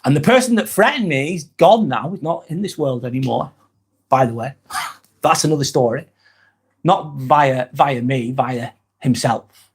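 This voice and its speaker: A man's voice: mid-range voice, expressive, measured pace, slightly rough. A man hosting a live stream, talking candidly and bluntly, swearing often as he rambles and reads viewer comments aloud.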